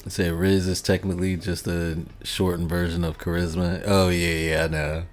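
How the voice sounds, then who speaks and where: A man's voice: low-pitched, flat delivery, normal speed, soft background music. A man livestreaming a game, chatting casually with viewers, laid-back and rambling, often chuckling. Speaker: gaming livestreamer. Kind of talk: casual chat reading out viewer comments.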